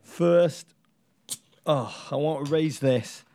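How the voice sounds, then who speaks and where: A man's voice: a little high, slow, creaky, dark tone. A man co-hosting a casual podcast chat, wry and theatrical, raising toasts with flourishes. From England. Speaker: podcast co-host.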